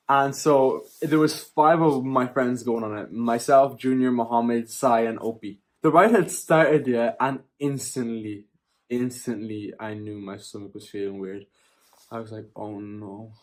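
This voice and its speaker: Young man telling a story, animated. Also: mid-range voice, unhurried. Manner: animated, laughing, tag questions like "yeah?" and "right?". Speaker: vlogger. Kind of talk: casual storytelling.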